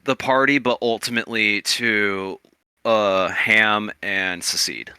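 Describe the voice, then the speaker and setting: A man's voice: fairly low pitch, fairly even intonation, slow pace, sharp tone, clean tone, no echo. A man narrating a tabletop game as game master, in a loose, searching way full of "like" and "kinda".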